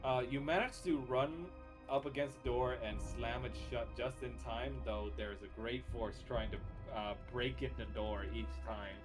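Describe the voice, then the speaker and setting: A man running a tabletop roleplaying game as game master. He narrates in a relaxed way with filler words and laughs often. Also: mid-range voice, normal speed, music in the background.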